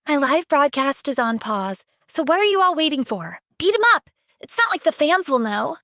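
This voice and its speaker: A woman's voice: sits high, very animated, normal speed, fairly bright tone, dry recording, clean studio sound, pitched above the performer's own voice, heavily acted. A woman voicing a spoiled, arrogant celebrity influencer in an audio drama, speaking with haughty scorn. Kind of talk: audiobook character voice.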